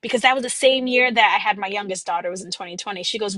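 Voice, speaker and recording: A woman in her thirties, an author chatting in a podcast interview, who tells lively stories, laughs often and acts out quotes. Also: mid-range voice, fast, dry recording, low-quality recording. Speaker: author guest.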